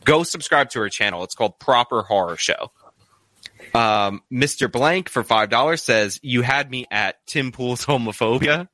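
A man's voice: medium pitch, lively intonation, normal speed, pushed and bright, no echo. A man hosting a casual live stream, reading out viewer donations with a rambling, laugh-filled, filler-heavy way of talking. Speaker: streamer reading super chats.

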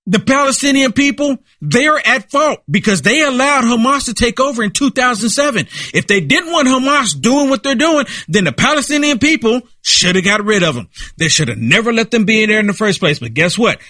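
A man delivers fired-up political commentary in a high, piercing voice with a forceful edge. He hammers his points home, repeating lines like a preacher. The sound is dry and close to the mic. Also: lively intonation, fairly quick, hardly any pauses, dry recording. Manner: emphatic, repetitive, preaching tone.

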